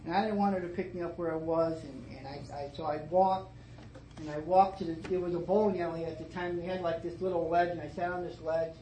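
A middle-aged man telling his story at a twelve-step meeting, starting low and emotional and rising to fervent emphasis, with many repeated phrases. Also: steady tone, quick pace, warm tone. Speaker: recovering alcoholic sharing his story. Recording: echoey meeting room, faint noise.

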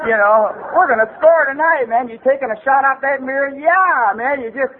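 Middle-aged LA man, high voice, loose rambling storyteller, thin phone-like sound. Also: moderate pace. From Los Angeles area. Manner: loose rambling delivery full of "man" and "you know". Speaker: recovery meeting speaker. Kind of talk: comic personal storytelling. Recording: tinny phone-like recording with faint hiss.

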